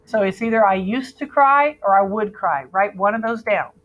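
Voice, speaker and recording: A Spanish teacher runs a classroom grammar lesson at a calm, even pace, patiently drilling verb endings in call-and-repeat fashion. Her voice is clear and sits at an ordinary middle pitch for a woman. The recording quality is low.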